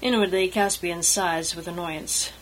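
A woman narrating a fantasy story in a measured, thoughtful way with occasional restarts. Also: lowish voice, fairly even intonation, a little hiss or hum, low-quality recording.

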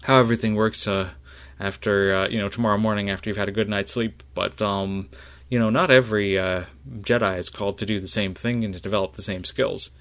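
A man voicing a male Jedi battle master who teases new recruits and then reassures them, talking in a halting, reassuring way. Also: fairly low pitch, steady tone, a bit bright. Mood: friendly.

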